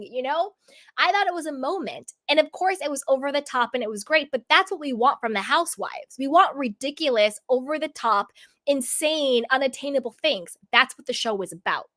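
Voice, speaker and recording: A woman's voice: high voice, expressive, fairly quick, pushed and bright, dry recording, clean studio sound. Emphatic woman ranting about reality TV. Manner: emphatic, indignant, rhetorical questions. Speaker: reality TV commentator. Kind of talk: opinionated recap commentary.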